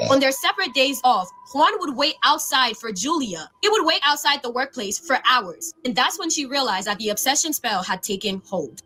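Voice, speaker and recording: A woman narrating a spooky story submitted by a viewer, in a lively, animated way. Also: high voice.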